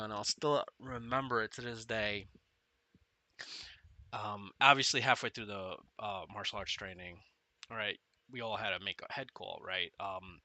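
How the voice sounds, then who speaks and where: Rambling ex-Marine gamer in his forties, very sharp forceful voice, dry close sound, laughs through his war stories. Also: lowish voice, dry recording. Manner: rambling storytelling, often laughing, filler-heavy. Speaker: gameplay commentator and former Marine. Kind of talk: casual commentary while playing.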